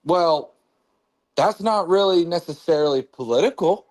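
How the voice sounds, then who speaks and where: A man hosting a casual political chat, talking in an animated way and jumping up in pitch when he jokes. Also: unhurried. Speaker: host.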